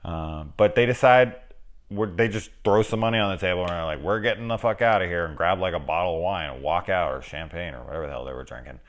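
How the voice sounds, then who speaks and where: A man's voice: low voice, fast. A man reviewing a film in casual, rambling, joking chat, swearing freely. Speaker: movie reviewer.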